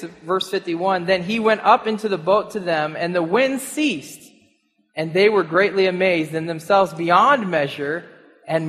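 A man's voice: high-pitched, in a large hall. A man preaching a sermon, asking his listeners questions and chuckling now and then. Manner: animated, rhetorical questions, chuckles often.

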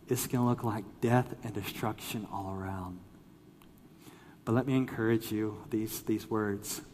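Pastor, male, expressive storytelling sermon, big swings in volume; hall reverb. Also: mid-range voice. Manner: animated storytelling, acts out quoted voices.

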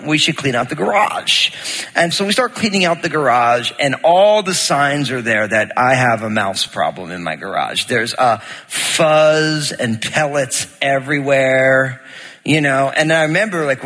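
A middle-aged man preaches to his congregation with a bright, slightly husky voice. He tells stories in a lively way and acts out the lines of the people in them. His voice carries a long echo, as if from a large hall. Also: a little high. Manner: storytelling, animated, acts out quotes. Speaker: pastor. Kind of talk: sermon.

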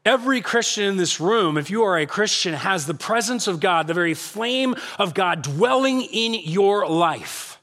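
A male pastor preaching a lively sermon to a church congregation, acting out quotes with animated shifts in voice. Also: high voice, moderate pace, few pauses. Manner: animated, acts out God's voice and quotes.

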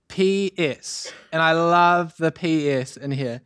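A young man preaching a sermon as youth pastor, energetic and chatty with many asides and fillers. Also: on the high side, slow, hardly any pauses, clean tone. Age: young adult.

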